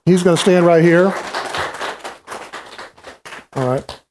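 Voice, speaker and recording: A man's voice: fairly high pitch, slow, darkish tone, slight background noise. A male pastor giving a conversational, teaching sermon from a church stage, calling volunteers up to act out a history lesson.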